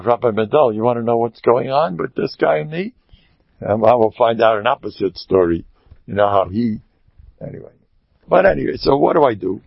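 An older man speaks as a rabbi in a Yiddish-inflected English accent, spinning animated stories with jokes and sudden loud outbursts. His voice is gravelly and husky, and his pitch leaps around a lot. The recording is dull and dry, with a lo-fi sound. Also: dry recording. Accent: Orthodox Jewish Yiddish-inflected English. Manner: animated, joking, storytelling with sudden loud bursts. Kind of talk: informal Torah talk with stories.

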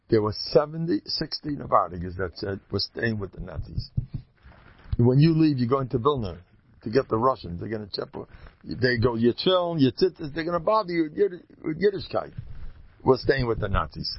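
Gravelly older man giving a lively Torah lecture. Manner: animated storyteller, jumps high when acting out quoted voices. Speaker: rabbi lecturer. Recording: dull lo-fi recording.

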